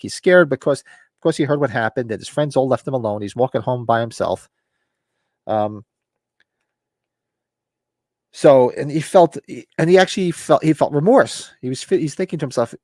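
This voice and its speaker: Man, loose chatty book club recap, fillers and restarts, average pitch, dry close mic. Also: animated, normal speed, darkish tone, no echo. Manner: rambling, loose retelling with fillers and acted quotes. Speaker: podcast host.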